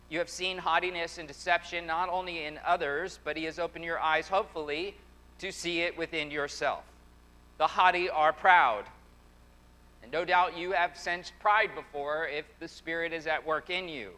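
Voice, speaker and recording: A man's voice: on the high side, steady tone, normal speed, bright, forceful tone. A man preaching a sermon as pastor, emphatic, often repeating phrases in a preaching cadence, in a church sanctuary. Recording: long hall reverb.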